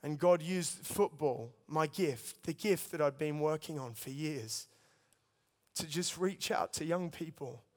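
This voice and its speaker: A man's voice: on the high side, a little slow. Earnest man preaching in a reverberant hall. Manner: storytelling, earnest, addresses listeners as guys. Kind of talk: sermon testimony.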